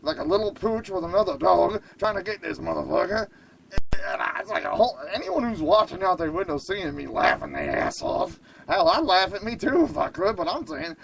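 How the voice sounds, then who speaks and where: A man hosting a radio show, telling a comic story in an excitable, profane way. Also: on the high side, a little fast, creaky, slight background noise, poor audio.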